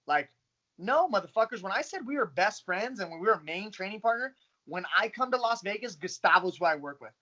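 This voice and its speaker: A man in his thirties, a professional fighter, telling his story in a casual, profane, animated way. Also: high voice, brisk, highs cut off. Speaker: pro fighter. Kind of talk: casual interview talk.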